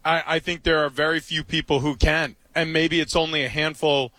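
A man's voice: a little high, flat delivery, moderate pace, pushed and bright, no echo, low-quality recording. A man on a sports talk show, speaking earnestly and with emphasis.

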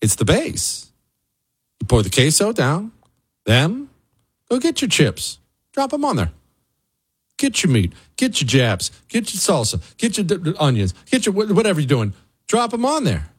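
Animated, exasperated male radio host. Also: normal speed, long pauses, husky. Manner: animated, exasperated, mock-outraged, swinging pitch. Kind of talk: comic rant on talk radio.

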